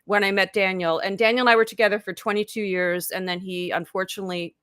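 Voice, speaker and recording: Chatty bright-voiced woman in her fifties. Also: mid-range voice, steady tone, fast talker, clear, resonant tone, no echo, clean studio sound. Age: 50s. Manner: chatty, full of "like", acts out her own past thoughts in quotes. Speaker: life coach and guest. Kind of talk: casual live interview storytelling.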